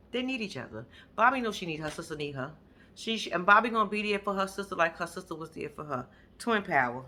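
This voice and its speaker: Brash, bright-voiced woman ranting casually. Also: fairly low pitch. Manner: blunt, sassy, profane commentary with sudden loud bursts. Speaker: reality TV recap vlogger. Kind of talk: animated casual recap rant.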